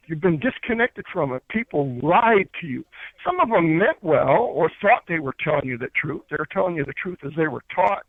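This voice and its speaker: A man's voice: fairly high pitch, no echo. A man from upstate New York, a spiritual teacher and guest, explaining crystals and spirits in an earnest, rambling way full of fillers and restarts. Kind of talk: casual spiritual teaching talk. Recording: dry, tinny phone-line sound.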